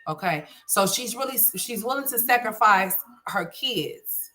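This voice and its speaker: A woman's voice: mid-range voice, lively intonation, measured pace, sharp tone, a little hiss or hum. A middle-aged woman giving blunt, emphatic, opinionated commentary from home. She often repeats herself and swears freely. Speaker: livestream commentary host.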